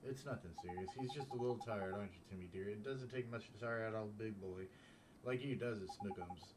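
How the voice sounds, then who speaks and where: A man's voice: lowish voice, fairly quick, background noise, close to an everyday voice. A man voicing a doting middle-aged woman who coos and fusses over her cat. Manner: cooing and motherly.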